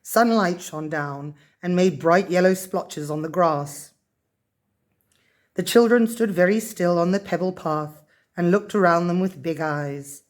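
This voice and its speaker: A woman's voice: lowish voice, unhurried. Woman reading a children's story aloud.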